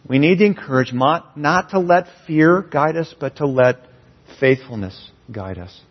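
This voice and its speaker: A pastor preaching a sermon in a church, earnest and building emphasis on key phrases. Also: male voice, on the high side, expressive, moderate pace. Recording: dull, slightly lo-fi sound.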